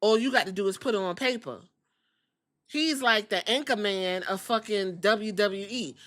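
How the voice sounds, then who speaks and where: A woman hosts a podcast and talks through a story she finds absurd. Her delivery is blunt, profane and incredulous, at an ordinary middle pitch. The sound is dry and close, with no room around it. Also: moderate pace, a bit bright, no room sound. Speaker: podcast host. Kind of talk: casual commentary on a clip.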